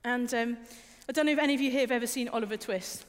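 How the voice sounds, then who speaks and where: Speaking at a quick pace in a slightly high voice, a young woman gives an informal, personal sermon in a conversational style. She repeats words frequently and poses questions to the listeners, and the hall she's in is reverberant.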